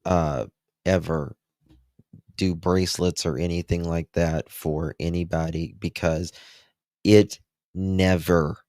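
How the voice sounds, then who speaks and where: A deep-voiced man with a gravelly edge hosts a true crime livestream and talks emphatically to his chat. He speaks unhurriedly, and the sound is dry and close. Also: steady tone, measured pace, a little mellow, no echo. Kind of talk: casual livestream commentary.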